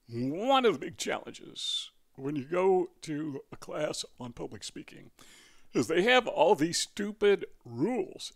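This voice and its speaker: A man's voice: a little high, creaky. An older man with a Midwestern accent, talking in a rambling, conversational way, full of fillers and self-corrections. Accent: Midwestern American. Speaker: vlogger. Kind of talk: casual talking-head monologue.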